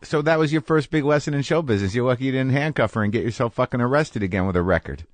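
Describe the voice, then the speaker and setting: A man's voice: mid-range voice, lively intonation, very fast, dry recording. A man hosting a podcast interview, blunt and wry with frequent laughing interjections. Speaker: podcast host. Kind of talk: casual interview.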